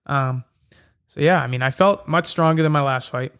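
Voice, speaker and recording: Chatty man with a slightly high voice. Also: a bit bright, clear, resonant tone. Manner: chatty, quick storytelling with many fillers. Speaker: MMA fighter. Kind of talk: casual interview talk.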